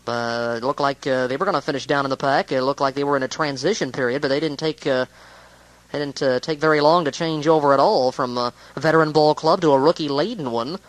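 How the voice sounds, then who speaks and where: A man's voice: on the high side, a little fast, no room sound, low-quality recording. A man giving a casual, rambling spoken recap of a baseball game, with many hesitations.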